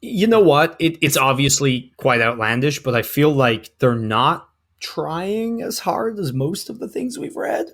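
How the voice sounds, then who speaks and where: A man's voice: on the high side, sing-song, a little slow, fairly bright tone. A man co-hosting a podcast, bantering playfully and reading a text aloud with mock drama. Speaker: podcast co-host.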